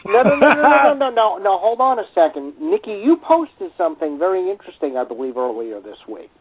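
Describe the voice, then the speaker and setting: A man co-hosting a casual podcast chat, animated and quick to repeat himself when excited. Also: sits high, a crowd in the background. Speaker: podcast co-host. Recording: tinny phone-line audio with faint hiss.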